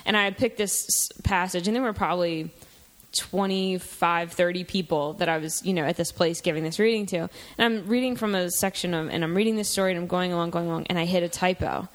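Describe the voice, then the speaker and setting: Animated woman telling stories as publisher. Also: on the low side, fairly quick. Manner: animated storyteller, acts out her own thoughts. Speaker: small press publisher. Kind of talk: casual chat.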